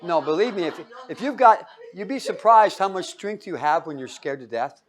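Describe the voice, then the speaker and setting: A man's voice: high voice, lively intonation, normal speed. A man preaching in a casual, storytelling way, often chuckling and asking his listeners questions. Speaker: preacher teaching a Bible study. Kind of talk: casual sermon.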